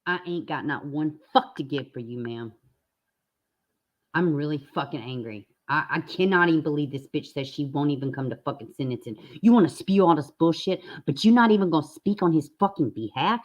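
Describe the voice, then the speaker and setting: A woman's voice: sits low, a little fast, muffled recording. A woman hosting a reaction commentary channel, blunt and indignant, swearing freely as she reacts to clips.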